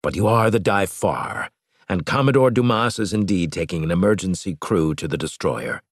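A man voicing a blunt, gruff old admiral in an audiobook, barking stern orders. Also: sits low, animated, normal speed, no echo, studio quality.

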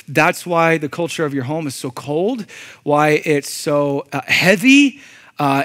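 A male pastor delivering a sermon with a tense, forceful brightness to his voice. He talks to the congregation conversationally, asking them questions, then surges into loud emphasis before dropping low and intense.

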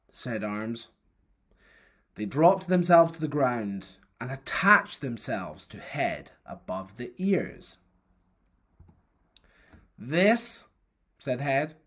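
A storyteller reading a folktale aloud for primary pupils, in a careful, expressive way. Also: medium pitch, takes it slowly, husky.

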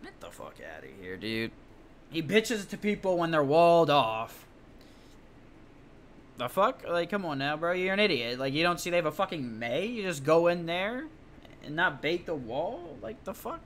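A man's voice: fairly high pitch, very animated, normal speed, slight background noise. A man streaming a live game, trash-talking and ranting in a profane, exasperated way. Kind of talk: live gaming commentary.

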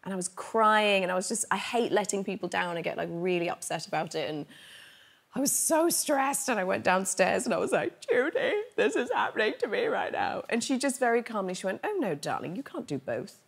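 English actress as talk show guest, lively self-deprecating anecdotes. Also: female voice, mid-range voice, a little fast, gravelly. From England. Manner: animated storytelling with self-deprecating humour.

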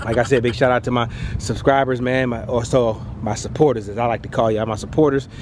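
A man in an excited car walkaround vlog, talking outdoors at a dealership lot in a hyped, slangy way with rhyming wordplay and repeated catchphrases. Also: mid-range voice, fast, background noise. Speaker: car vlogger.

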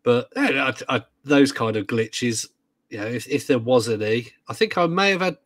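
A man's voice: medium pitch, normal speed, a bit bright, no echo. A man co-hosting a gaming podcast, talking hesitantly with many ums and restarts and making joking asides. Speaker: podcast co-host. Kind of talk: casual chat.

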